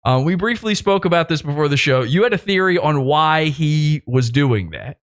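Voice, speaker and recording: A man's voice: a little high, expressive, normal speed, clear, resonant tone. A man hosting a podcast interview, mocking and profane, laughing often as he talks. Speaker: podcast host. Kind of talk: casual interview.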